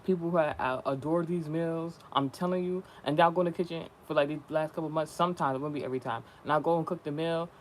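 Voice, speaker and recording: A young man talks straight to his viewers in a loose, rambling vlog manner. He peppers his slangy talk with swearing and runs on from one thought to the next. His voice sits a bit high, with a faint hiss behind it. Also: fairly even intonation, fast, few pauses. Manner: profane, slangy, chatty and rambling. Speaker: spiritual content creator.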